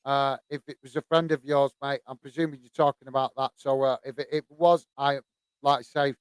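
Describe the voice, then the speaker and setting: A man from the UK hosting a football live stream, chatting casually and reading out viewer comments, with many pauses, fillers and restarts. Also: mid-range voice, little pitch movement, clear, resonant tone, no room sound. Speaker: host of a football channel.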